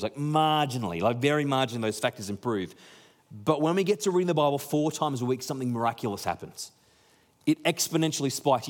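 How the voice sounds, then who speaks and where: A man preaching a sermon in a conversational way, acting out the people he quotes. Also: medium pitch. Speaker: pastor.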